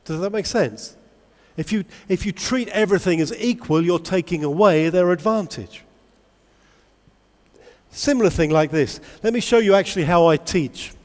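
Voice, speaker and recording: A man giving a lively conference talk to English teachers, asking the audience many questions. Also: high-pitched, normal speed. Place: large convention hall. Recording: long hall reverb.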